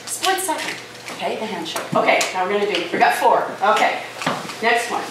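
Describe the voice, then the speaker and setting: A woman giving a live talk at a conference, conversational and lively, often checking in with "right?" and "okay?". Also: mid-range voice, fairly quick. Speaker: conference speaker. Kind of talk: live presentation to an audience. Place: conference room with audience. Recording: echoey, distant hall recording with noise.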